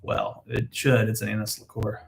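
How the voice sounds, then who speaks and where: A man hosting a drinks tasting chats casually with a co-host. He jokes around and grumbles in mock frailty. His tone is playful and relaxed. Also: on the low side, normal speed, creaky, slight background noise.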